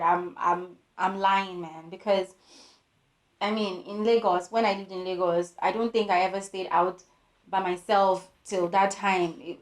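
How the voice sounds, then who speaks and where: Young woman, storytelling vlogger, acts out quotes, echoey room. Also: mid-range voice. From Nigeria. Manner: animated storytelling with voiced quotes. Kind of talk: storytime vlog.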